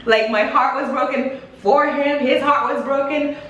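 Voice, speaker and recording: A young woman vlogger tells a story in casual chat, animatedly acting out what everyone said. Her voice sits high and her pace is measured. The echoey room carries a faint hiss.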